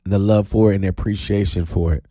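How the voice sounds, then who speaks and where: A man hosting his own radio talk show, talking in a playful, animated way with sudden high drawn-out calls. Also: no room sound, studio quality. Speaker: radio DJ host. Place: radio studio.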